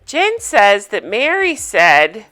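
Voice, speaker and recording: A woman's voice: mid-range voice, huge pitch swings, slow pace, sharp tone, faint music behind. A woman hosting a casual recap vlog, chatty and opinionated, sharing gossipy takes. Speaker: reality TV recap host.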